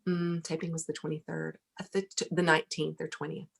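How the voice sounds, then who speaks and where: A middle-aged woman, a podcast guest, telling a lively story, laughing often and acting out what people said. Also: low-pitched, a little fast, vocal fry. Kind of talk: casual storytelling interview.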